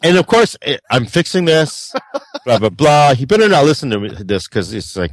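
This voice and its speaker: A man's voice: mid-range voice, moderate pace, dry recording. A man co-hosting a casual podcast, telling stories with lots of acted-out voices and frequent swearing. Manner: animated storyteller, acts out quoted people, swears freely. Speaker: podcast co-host.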